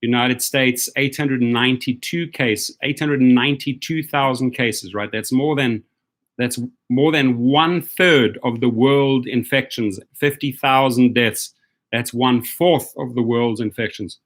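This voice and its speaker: A man's voice: mid-range voice, a little slow, a bit bright. Chatty upbeat live-stream man. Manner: chatty, upbeat, greets viewers by name. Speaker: host of a live stream for rideshare drivers. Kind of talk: casual live-stream chat.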